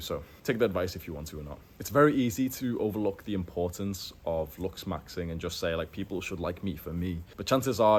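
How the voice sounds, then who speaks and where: A young man with a fairly low voice gives frank grooming advice straight to camera. He talks casually and bluntly, full of "like" and loose fillers. He punches key words with sudden emphasis. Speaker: self-improvement YouTuber. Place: in Thailand, indoors.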